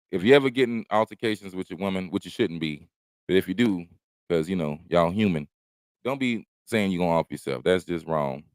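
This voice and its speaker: Laid-back, profane comedian chatting. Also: male voice, deep voice, no room sound. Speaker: comedian hosting his own stream. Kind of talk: casual livestream chat. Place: at home, smoking while chatting.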